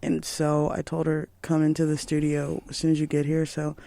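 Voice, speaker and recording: A young woman co-hosting a college radio show in a studio, a little hoarse and throaty, talking in a laid-back, wry way. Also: sits low, monotone, moderate pace, dark tone, no echo. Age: young adult. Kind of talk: casual chat. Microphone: studio mic.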